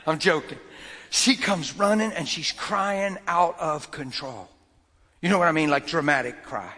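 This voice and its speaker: Animated male preacher with a husky voice. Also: a little high, in a large hall. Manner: animated, swings from loud to whispered. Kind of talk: sermon with a personal story.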